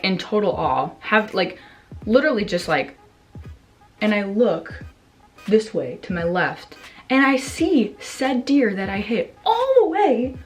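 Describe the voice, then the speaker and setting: A young woman vlogger casually telling a story to her camera, rambling with lots of fillers, swearing and acting out her own reactions. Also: medium pitch.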